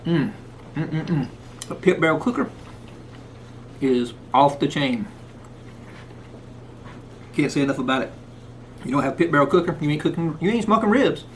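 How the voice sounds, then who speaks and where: A man's voice: on the high side, normal speed, long pauses, slight background noise. A man hosting a casual cooking vlog, talking folksy and sometimes with food in his mouth. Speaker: cooking channel host. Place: outdoors in the rain, then indoors.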